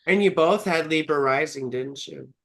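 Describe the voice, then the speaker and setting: This astrologer, a young adult woman, has a deep voice and keeps a moderate pace on her live stream. She's casual and talkative, telling lively stories peppered with plenty of cursing.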